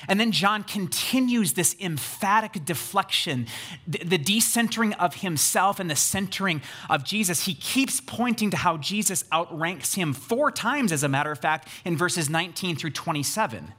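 A man's voice: high voice, bright, forceful tone. A man preaching a sermon as a pastor, talking emphatically, building in intensity and putting questions to his listeners.

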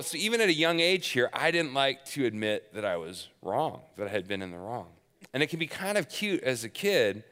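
A man's voice: fairly high pitch, pushed and bright. A man in his thirties preaching a sermon, casual and conversational, telling personal stories with self-deprecating humor. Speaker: pastor. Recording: long hall reverb.

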